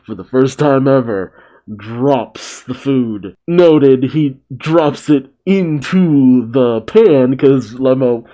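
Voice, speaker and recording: Man, manga reaction host, relaxed asides, frequent chuckles, slow pace. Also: medium pitch. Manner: laughs often, relaxed asides. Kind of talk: casual reading and commentary.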